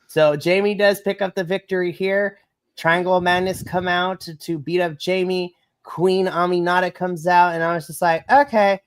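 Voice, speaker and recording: A woman, co-hosting a wrestling podcast in an excited chat, gushing and bursting into shrieks and laughter. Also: fairly low pitch, normal speed, clear, resonant tone, no room sound. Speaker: podcast co-host. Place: home setup on a live stream call.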